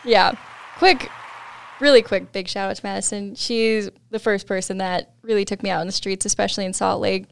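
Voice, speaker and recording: A young woman guest on a podcast, telling a story in casual chat, laughing often and animated when quoting others. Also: medium pitch, normal speed, creaky, no room sound.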